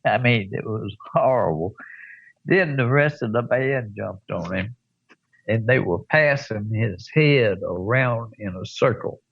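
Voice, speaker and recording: An older man, telling a rough anecdote as an interview guest with chuckles and blunt profanity. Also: on the low side, animated, unhurried, no echo, highs cut off. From American South. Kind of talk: storytelling in an interview.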